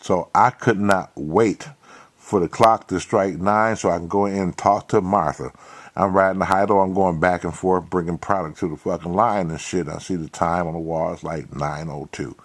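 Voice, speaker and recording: Man, lowish voice, cursing, repeats himself, monologue. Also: fairly even intonation, normal speed. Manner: profane, repetitive, emphatic. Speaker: channel host. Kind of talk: storytelling monologue.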